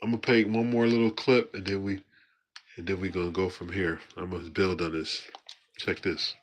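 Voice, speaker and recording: A man's voice: sits low, little pitch movement, normal speed, a little hiss or hum. A man hosting his own livestream, commenting in a laid-back, slangy way with lots of fillers. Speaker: livestream host.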